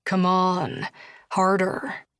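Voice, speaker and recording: A woman voicing a tender, teasing young man, a lover, in a husky, low, intimate voice that sometimes drops to a whisper. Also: monotone, extremely slow, fairly bright tone, dry recording, clean studio sound.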